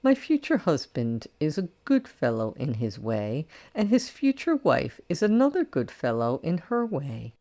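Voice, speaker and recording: A woman's voice: low voice, huge pitch swings, measured pace, hardly any pauses, dark tone, full character voice. A woman reading an audiobook, voicing a wealthy older woman who answers her critics in a dry, self-assured and cutting way. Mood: sardonic.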